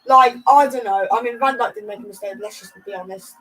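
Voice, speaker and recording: A woman's voice: on the high side, a little fast, rough recording. A young woman hosting a live football watchalong, reacting nervously and breaking into chants. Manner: excitable, nervous, swings between groans and singing.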